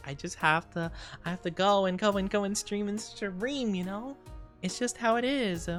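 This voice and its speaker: A tired woman rambles to her live-stream chat in a casual, giggly way, yawning between thoughts. Her pitch is middling for a woman. Soft music plays quietly behind her. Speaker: VTuber streamer.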